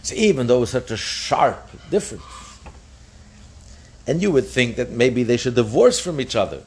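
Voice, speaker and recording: A man teaching a daf yomi Talmud class, explaining with frequent restarts and acting out the sages' voices. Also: moderate pace. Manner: animated, acts out the sages' voices with pitch jumps; repeats and restarts phrases while explaining.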